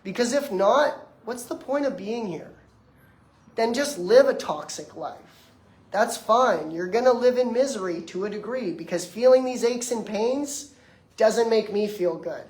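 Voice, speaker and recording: A man's voice: high-pitched, animated, unhurried, darkish tone. Young man lecturing in an echoey room. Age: 20s. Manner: emphatic, conversational, addresses audience directly. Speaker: detox practitioner giving a lecture. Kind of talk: motivational lecture.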